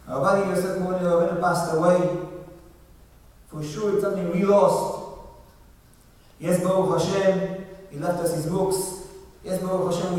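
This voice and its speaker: A high-voiced, slightly mellow male rabbi gives a eulogy sermon in a synagogue hall, telling stories earnestly with emphatic rises. The recording sounds distant and echoey.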